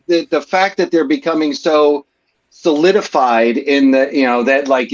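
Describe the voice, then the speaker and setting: Male panelist, mid-pitched, loose rambling delivery, muffled lo-fi audio. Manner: rambling, many fillers and restarts. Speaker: podcast panelist. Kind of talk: casual chat.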